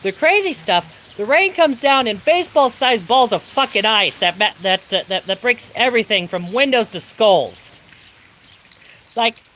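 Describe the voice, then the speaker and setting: At home in a thunderstorm with rain falling outside, a storm streamer from the Pacific Northwest of the US unleashes a profanity-heavy rant on a live stream. The medium-pitched voice is animated and slightly bright, yet unhurried. Light hiss or hum and the sound of rain sit underneath.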